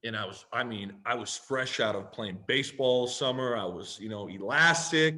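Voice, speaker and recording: A man tells a long personal story on a podcast. His delivery is animated and loose, with frequent swearing. He acts out both sides of each conversation as he goes. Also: medium pitch, moderate pace. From Canada. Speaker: podcast guest, pro football player. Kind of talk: casual storytelling.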